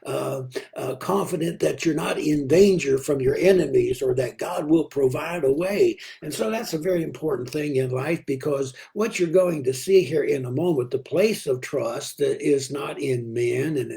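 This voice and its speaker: A man preaching a daily devotional in an unhurried way, with many pauses and fillers. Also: on the high side, gravelly, warm tone. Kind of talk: devotional Bible talk.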